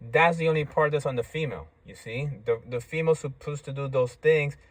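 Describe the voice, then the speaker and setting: A man's voice: fairly high pitch, fairly quick, no echo. A man talking in a casual, rambling monologue, stammering through restarts and tagging lines with "right?" and "you see?".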